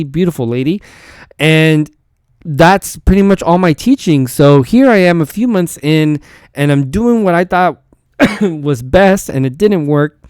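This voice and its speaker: A man's voice: on the high side, darkish tone, clean tone, no echo, clean studio sound. A man who is a teacher and podcast host, telling a story in a rambling, casual way with many false starts and repeated words.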